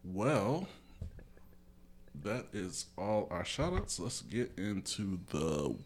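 A man co-hosting a relaxed podcast who speaks slowly and stops often on fillers. His pitch moves around a lot, even as he reads out a news item. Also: slight background noise. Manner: slow, halting, full of fillers. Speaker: podcast co-host. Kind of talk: casual chat.

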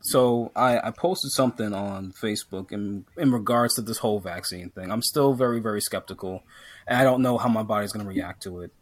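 A man's voice: fairly low pitch, brisk. Man ranting on a casual podcast. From Jamaican heritage. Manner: animated ranting, many restarts and fillers. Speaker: podcast co-host.

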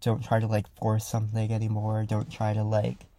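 A young man hosting a casual solo podcast, talking loudly and rambling with lots of fillers as he reflects. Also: lowish voice, completely flat delivery, normal speed. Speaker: podcast host. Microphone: close studio mic.

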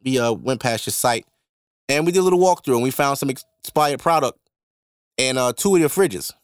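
A man voicing his former manager as a flat, businesslike, evasive office manager. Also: medium pitch, moderate pace, smooth, no room sound, studio quality, close to an everyday voice. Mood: matter-of-fact. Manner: matter-of-fact, evasive.

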